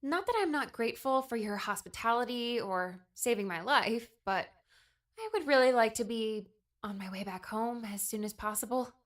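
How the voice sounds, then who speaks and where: A woman's voice: fairly high pitch, expressive, normal speed, lightly acted. A woman voicing a polite young woman who asks careful questions.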